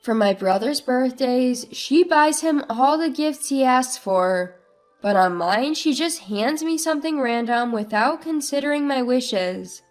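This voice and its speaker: A woman's voice: high voice, animated, a little slow. A woman narrating a first-person story in a subdued, plaintive manner over faint music.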